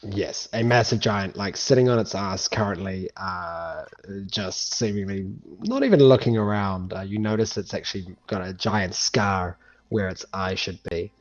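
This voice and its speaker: Low-voiced game master on a lo-fi recording. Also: male voice, expressive, normal speed. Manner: loose, full of fillers. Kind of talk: narrating a tabletop game. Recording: muffled lo-fi with faint music.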